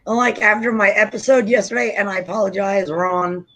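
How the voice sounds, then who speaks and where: A woman's voice: medium pitch, moderate pace, fairly bright tone, low-quality recording. Laughing, cursing woman telling a story. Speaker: podcast host. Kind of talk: casual chat.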